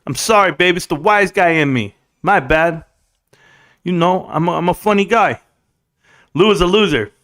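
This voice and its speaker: A man's voice: high voice, moderate pace, long pauses, fairly bright tone. A young man hosting a casual livestream, joking crudely, laughing often and calling people bro. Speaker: livestream host.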